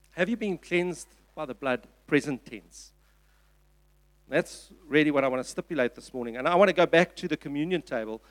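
Earnest South African male pastor, repeats himself for emphasis, slightly high voice. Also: a bit bright. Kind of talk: sermon. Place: church.

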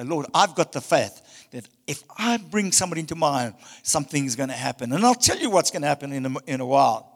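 High, gravelly preaching man in a hall. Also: big pitch swings, fast talker. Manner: passionate preaching, swinging between loud emphasis and hushed tones. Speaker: pastor. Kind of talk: sermon. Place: church hall.

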